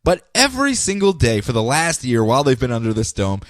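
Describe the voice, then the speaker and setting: Animated man recapping comics. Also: medium pitch, a little fast, no echo, clean studio sound. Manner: animated storyteller, jumps into goofy character voices. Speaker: podcast co-host. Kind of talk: casual comic book recap chat.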